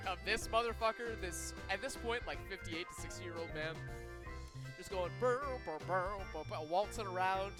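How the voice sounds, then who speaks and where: A streamer casually reading a visual novel aloud and commenting on it, swearing freely, with game music behind. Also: mid-range voice. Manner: casual, profane, chatty.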